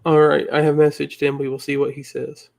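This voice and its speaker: A man studying in an online class, working through answers slowly and hesitantly over a video call. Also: a little high, level tone, vocal fry. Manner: slow and hesitant, thinking aloud while parsing words. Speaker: student in an online language class. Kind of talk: casual online class discussion.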